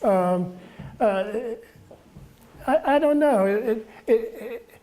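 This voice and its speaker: Soft-spoken man in his seventies. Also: extremely high pitch, lively intonation. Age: 70s. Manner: halting, repeats words, chuckles through stories. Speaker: guest author. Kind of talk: casual storytelling talk.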